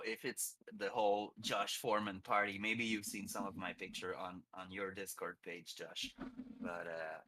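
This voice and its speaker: A man from Quebec with a French-Canadian accent, chatting casually on a live stream while he works, laughing often and pausing between phrases. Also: deep voice, pushed and bright, slight background noise.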